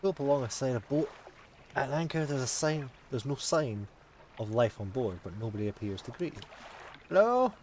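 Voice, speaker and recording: A man's voice: medium pitch, a little fast, darkish tone, slight background noise. Casual muttering male gamer. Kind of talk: casual gameplay commentary.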